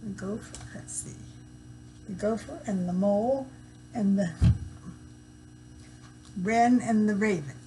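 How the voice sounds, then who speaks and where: An older woman reads a picture book aloud at an unhurried pace, pausing to explain words for young listeners. Her voice sits at a middle pitch. A faint hiss runs under the recording. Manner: gentle, explains words for children. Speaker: storyteller.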